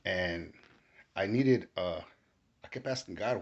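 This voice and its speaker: A man giving a casual testimony, animated and rising to shouts when he quotes himself. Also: deep voice, slow pace, pauses often. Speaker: storyteller recounting a spiritual experience. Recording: dull lo-fi recording.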